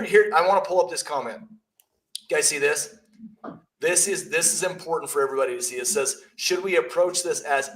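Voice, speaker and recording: A man's voice: a little high, fairly bright tone, low-quality recording. A man, a realtor and coach, talking bluntly and emphatically in a casual business podcast chat, telling stories.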